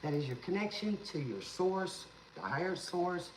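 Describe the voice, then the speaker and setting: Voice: mid-range voice, very animated, normal speed. A tarot reader and spiritual teacher talking casually on a livestream in a rambling, teacherly way, with sarcastic asides and an occasional stutter. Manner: stutters sometimes. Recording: roomy with faint background noise.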